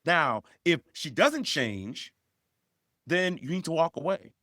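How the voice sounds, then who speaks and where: Forceful man giving blunt advice. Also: fairly high pitch, big pitch swings, slow pace, no echo, studio quality. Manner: forceful, repetitive, rises sharply for emphasis. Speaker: podcast co-host. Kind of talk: emphatic advice talk.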